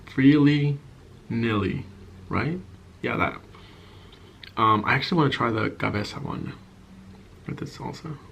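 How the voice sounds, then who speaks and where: A man talks easily while he eats, chatty and candid, letting thoughts trail off between bites. His voice sits at an ordinary middle pitch. Faint street noise drifts in from outside the apartment. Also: moderate pace, creaky, long pauses, pushed and bright. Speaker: ASMR and vlog creator. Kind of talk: casual chat while eating, mukbang. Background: faint outside noise of passing cars.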